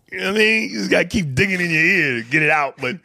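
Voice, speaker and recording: A man's voice: high voice, gravelly, sharp tone, a little hiss or hum. A man co-hosting a casual movie chat, rambling and crude, joking and laughing often. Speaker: podcast co-host.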